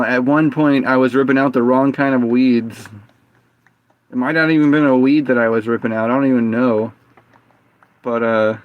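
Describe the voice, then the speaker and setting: Smooth-voiced man rambling through stories. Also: mid-range voice, lo-fi sound. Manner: rambling anecdotes with many fillers and restarts. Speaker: streamer. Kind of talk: casual storytelling chat.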